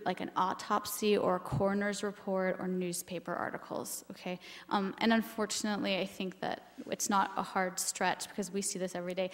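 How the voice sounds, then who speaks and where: Woman, keynote speaker, earnest, emotional, filler-heavy, medium pitch, long hall reverb. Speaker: keynote speaker on family history. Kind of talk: conference keynote talk.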